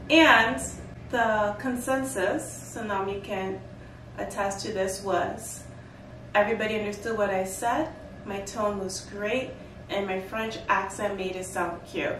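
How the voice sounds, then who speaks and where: A woman telling a story casually to camera, chatty and animated, with asides. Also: mid-range voice, moderate pace. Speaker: vlogger and fashion designer. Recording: echoey room, distant mic, background noise.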